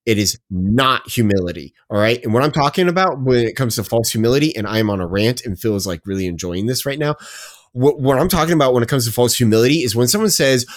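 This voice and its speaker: A man's voice: mid-range voice, lively intonation, fast, no echo, clean studio sound. Emphatic man ranting on a podcast. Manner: emphatic, repetitive, self-interrupting. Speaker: podcast co-host. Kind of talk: casual ranting chat.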